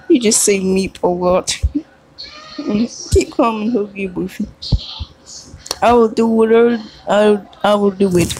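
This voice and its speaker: A woman's voice: mid-range voice, steady tone, takes it slowly, pauses often, dark tone, a little hiss or hum, rough recording. A young woman vlogging alone, rambling and giggly as she reads phrases aloud. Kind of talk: casual solo chat.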